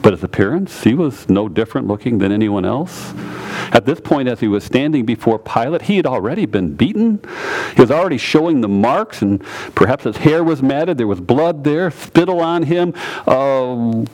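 Male preacher, sermon delivery, expressive rising and falling pitch. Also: moderate pace. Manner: animated, repeats phrases, quotes scripture in character.

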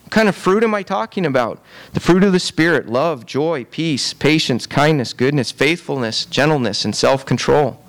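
A man's voice: on the high side, expressive, normal speed. A man preaching a sermon in a conversational, repetitive way, often checking in with "right?". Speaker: pastor.

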